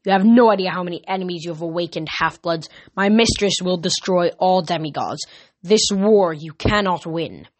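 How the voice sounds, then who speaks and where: A woman's voice: fairly low pitch, normal speed, dry recording, close to an everyday voice. A woman reading a storybook, voicing a menacing male storm spirit who gloats and threatens. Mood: gloating.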